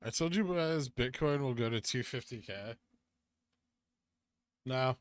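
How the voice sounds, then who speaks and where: A man's voice: medium pitch, lively intonation, unhurried, smooth, dry recording. A man hosting a casual stock market livestream, answering chat and thinking aloud over charts in an offhand, muttering way.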